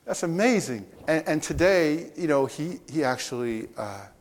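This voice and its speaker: A man preaching a conversational sermon, telling stories with animated asides to the audience. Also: on the high side, normal speed, slight background noise. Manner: animated, with restarts and chuckles.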